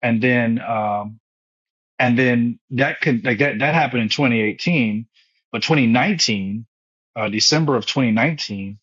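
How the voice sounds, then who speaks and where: A former pastor in his thirties, now a foundation founder, tells his own story in an interview with emotion and repetition. His voice is mid-range and a bit bright, at a moderate pace, though the audio is dull.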